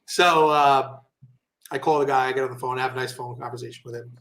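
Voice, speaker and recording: A man guesting on a podcast, telling casual stories with animated, profane asides and lots of fillers. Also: mid-range voice, fast talker. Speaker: guest entrepreneur. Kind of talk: casual storytelling interview.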